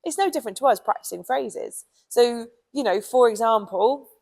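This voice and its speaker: A woman's voice: fairly high pitch, moderate pace, vocal fry, a little mellow, rough recording. A British woman who trains dogs, giving chatty, casual advice with plenty of ums and you knows. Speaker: dog trainer.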